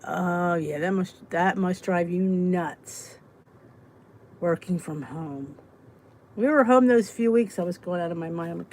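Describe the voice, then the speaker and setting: A middle-aged woman talks in a loose, joking way, drifting into hushed asides. She sounds sleepy and yawns between thoughts. A faint hiss sits under her voice. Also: lowish voice, a little slow, low-quality recording. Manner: chatty, joking, breaks into laughs and soft whispered asides. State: sleepy, yawning. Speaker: host of a weight loss support chat. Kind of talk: casual live chat reading viewer comments.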